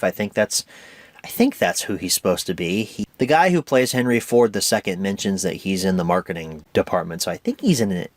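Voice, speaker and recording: A young man hosting a casual home media review, animated and rambling, often correcting himself. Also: deep voice, a little fast, no room sound.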